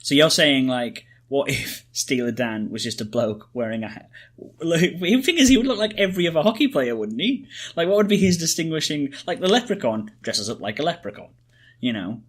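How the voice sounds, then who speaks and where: A man's voice: a little high, very animated, a little fast, breathy edge. A man co-hosting a podcast, chatting casually and rambling with jokes and restarts. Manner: rambling, joking, restarts often. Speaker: podcast co-host. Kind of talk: casual chat.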